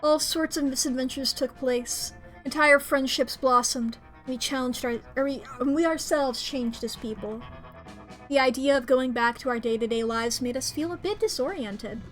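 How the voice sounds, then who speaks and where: Woman streamer reading a dating game aloud. High, bright voice, excitable delivery with frequent squeals. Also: moderate pace, faint music behind.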